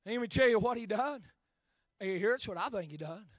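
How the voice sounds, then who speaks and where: A man preaching a sermon in a rhythmic style, dotting his phrases with "uh" and swinging between shouted peaks and hushed asides. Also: sits high, expressive, normal speed, dry recording.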